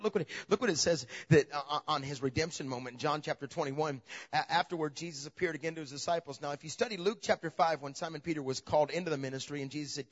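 A man preaching a sermon, telling the story in a lively way that swings from loud emphasis to a hushed near-whisper. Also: mid-range voice, slightly rough. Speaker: pastor. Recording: dull lo-fi sound.

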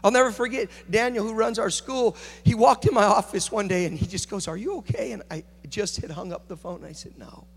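Male pastor, high-pitched, preaching at a conference with swings from quiet story to loud exhortation, big reverberant hall. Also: fairly even intonation, a little fast, few pauses. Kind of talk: conference sermon.

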